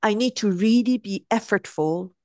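A middle-aged woman speaking as a guest in a conversation, telling stories and acting out quoted voices with lively shifts. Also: medium pitch, normal speed, no room sound, clean studio sound. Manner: reflective, acts out quoted voices animatedly. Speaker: guest sharing spiritual reflections. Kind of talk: conversational storytelling.

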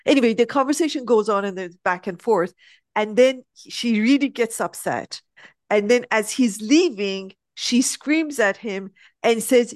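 A woman's voice: medium pitch, measured pace, no room sound. A middle-aged woman talks in a reflective, storytelling way, now and then lifting her voice sharply to play out the people in her anecdotes. The recording is close and dry, with no room sound around her voice. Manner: reflective, acts out quoted voices animatedly. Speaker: guest sharing spiritual reflections. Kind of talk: conversational storytelling.

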